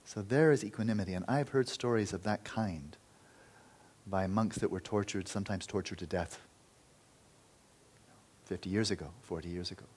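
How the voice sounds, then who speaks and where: A man giving a Buddhist dharma talk, telling a story in an earnest, loose way that often falls quiet. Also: low voice, moderate pace, long pauses, slightly rough. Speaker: Buddhist teacher.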